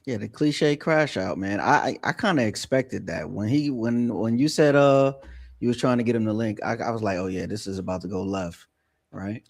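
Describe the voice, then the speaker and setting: A laid-back man talks in a relaxed, conversational way on a panel. His voice sits in the middle range, and he often restarts his sentences with repeated words. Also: medium pitch, moderate pace. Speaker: panel member. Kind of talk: casual opinion talk.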